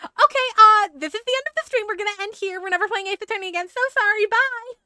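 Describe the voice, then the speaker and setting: A young woman streams a game live, chatting casually in a very high voice and talking very fast on a dry recording. Animated and self-mocking, she jokes at her own expense, swears and laughs often.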